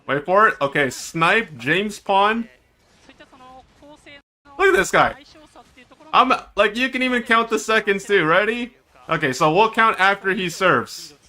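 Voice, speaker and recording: A man streaming himself reacting to an esports match, excitable and teasing, with drawn-out dramatic groans. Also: sits high. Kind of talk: casual live-stream reaction commentary.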